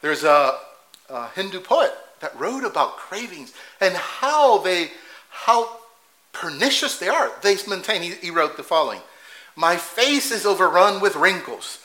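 A man's voice: high-pitched, very animated, measured pace, pushed and bright, rough recording. A man preaching a sermon in a conversational way, laughing at his own asides and correcting himself as he goes.

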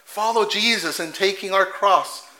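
Guy giving a sermon, slow and bright, voice jumps all over, chuckles at his own jokes. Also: high-pitched, poor audio. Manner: conversational, laughs at own asides, self-correcting. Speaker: preacher.

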